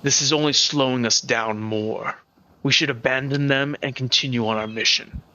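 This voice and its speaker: A man voicing a haughty masked male spirit who speaks stiffly and formally, slow and measured. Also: mid-range voice, fairly even intonation, bright, forceful tone, muffled recording, voice pushed down, natural voice. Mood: cold.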